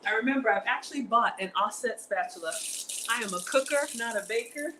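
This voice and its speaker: A woman's voice: a little high, lively intonation, a little fast. Woman home-cook vlogger, casual y'all chatter, noisy kitchen. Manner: chatty, addresses viewers as y'all. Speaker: cooking vlogger. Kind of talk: casual cooking demonstration.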